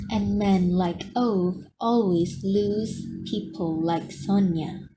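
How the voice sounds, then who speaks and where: A woman reading a novel aloud as audiobook narration, in a soft storytelling manner. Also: mid-range voice, background noise. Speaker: audiobook reader.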